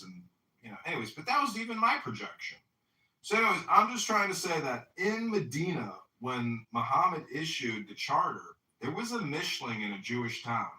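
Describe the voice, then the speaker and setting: A man's voice: medium pitch, big pitch swings, normal speed, bright, forceful tone. A man telling a rambling, profane story in casual chat, full of restarts and quoted dialogue. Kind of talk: casual anecdote on a live audio app. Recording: echoey, distant app audio.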